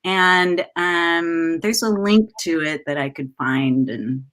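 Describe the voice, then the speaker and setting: A woman's voice: on the low side, takes it slowly, a bit bright. A woman talks over a video call, her voice gushing and emotional. She rambles from one thought to the next in a loose, casual way. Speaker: letter writer for the show and actress.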